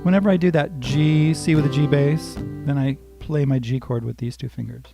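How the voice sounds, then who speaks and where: A man's voice: fairly high pitch, fairly even intonation, moderate pace, gravelly. An older man giving a live-streamed guitar lesson, talking through chords and strum patterns and chatting with viewers by name. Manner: talks through chords and strums, sings lines softly. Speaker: guitar teacher. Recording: guitar playing under the voice.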